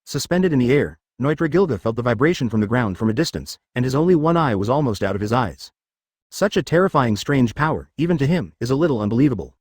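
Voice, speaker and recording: A man's voice: mid-range voice, animated, quick pace, a little mellow, dry recording, clean studio sound. A man reading a web novel aloud as narrator, dramatic with stiff translated phrasing.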